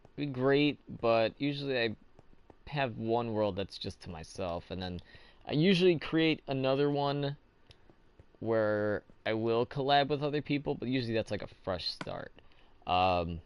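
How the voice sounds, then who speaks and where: A man's voice: medium pitch, expressive, measured pace, smooth. A young man hosting a casual gameplay commentary, rambling and asking himself questions as he plays. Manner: rambling, thinks aloud, self-questioning. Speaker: let's play host.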